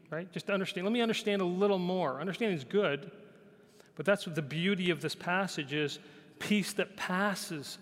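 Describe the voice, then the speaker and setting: Man, pastor, conversational sermon, repeats himself, fairly high pitch, long reverb in a big church. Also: a bit bright. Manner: conversational, repeats phrases, often asks "right?".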